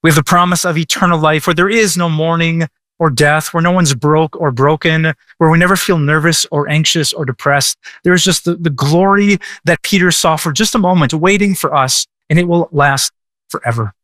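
Male pastor, higher-pitched voice, casual and halting with lots of restarts, dry close recording. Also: fairly bright tone, no echo. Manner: casual, many stammered restarts and repeated words. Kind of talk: prayer and answering a listener question.

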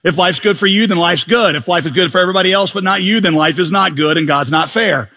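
Man, pastor, sermon, husky edge, animated and joking. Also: high-pitched, quick pace. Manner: animated, joking, acts out voices.

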